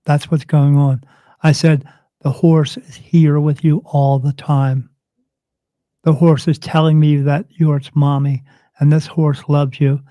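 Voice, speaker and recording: A man with a fairly high voice recounts a story as a guest on an interview show, acting out each person's lines as he goes. The sound is dry and close, with no room around it. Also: unhurried, no echo. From United States. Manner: animated retelling, acts out quoted dialogue. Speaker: spirit medium guest.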